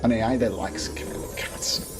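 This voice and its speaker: A man's voice: lowish voice, unhurried. A man streaming a speedrun, rambling in a casual, jokey way between runs. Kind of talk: casual gameplay commentary. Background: game music.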